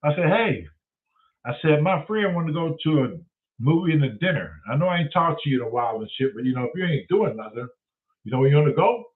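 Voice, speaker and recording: Man, lively comic storyteller, higher voice, tinny and distant like a phone line. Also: fast. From Detroit, USA. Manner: profane, animated, acts out voices of others. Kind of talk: comedic storytelling.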